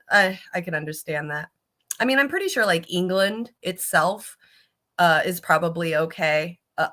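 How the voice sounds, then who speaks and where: A woman's voice: fairly low pitch, pushed and bright. A woman with a Californian accent hosting a live stream in casual chat, rambling and laughing often. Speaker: host.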